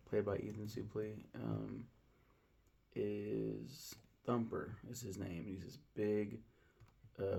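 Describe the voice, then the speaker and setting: A man recaps a film plot in a loose, rambling way, peppered with ums and swearing. His voice sits fairly low, with a husky, gravelly edge to it. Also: warm tone. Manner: rambling, lots of ums and profanity. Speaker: film reviewer.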